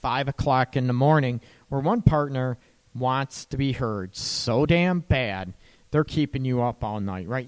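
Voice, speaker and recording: A man's voice: mid-range voice, a little slow. A man hosting a relationship advice show, talking casually and often checking in with "right?". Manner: conversational, often asks "right?". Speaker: radio relationship advice host.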